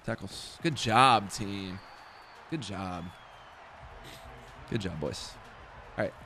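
Playing a football video game, this young streamer mutters commentary to himself, cursing and poking fun at his own errors. His voice is lowish, pushed, and bright, he takes his time, and a little hiss or hum sits in the recording.

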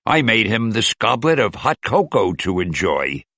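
A man's voice: on the low side, big pitch swings, moderate pace, pushed and bright, no room sound, studio quality, full character voice. A man reading aloud and voicing a grand thunder god hero who speaks in old-fashioned words. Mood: booming. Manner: archaic, grand speech.

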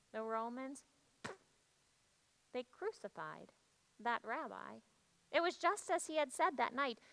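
A woman shares a church story as a first-person dramatic monologue, speaking in a hushed, reflective way. Her voice sits high and sounds bright and clear. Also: rough recording.

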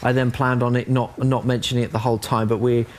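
A man's voice: mid-range voice, little pitch movement, fast, darkish tone. A man on a reality show talking earnestly in a casual heart-to-heart, rambling and self-reflective.

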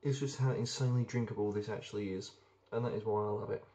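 A man's voice: fairly low pitch, fairly even intonation, fast, warm tone. A young man chatting casually and enthusiastically while reviewing beers, rambling with plenty of ums. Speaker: beer reviewer. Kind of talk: casual beer review vlog.

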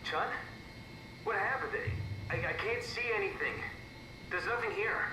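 A man's voice: high-pitched, unhurried. Terrified trapped man, pleading, repetitive, roomy distant game audio, ambient noise. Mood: panicked. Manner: panicked, repeating himself, pleading. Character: frightened man trapped in a simulation.

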